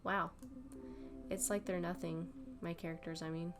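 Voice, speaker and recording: A woman playing a story game, reading the narration aloud and adding soft, reflective asides. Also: lowish voice, flat delivery, moderate pace. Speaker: let's play gamer. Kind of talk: reading a visual novel aloud with commentary. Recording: game music clearly behind.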